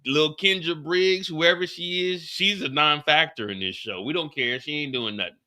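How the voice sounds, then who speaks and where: A man hosting a live TV after-show, ranting in an animated, profane way. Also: fairly high pitch, moderate pace. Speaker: host.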